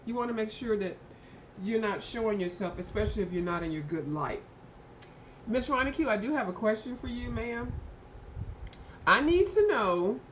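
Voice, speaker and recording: A woman in chats on a live stream over a faint background hiss, at a mid pitch for a woman. She talks to her viewers by name in an easy, rambling way. Hiccups keep catching her mid-sentence. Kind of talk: casual live-stream chat.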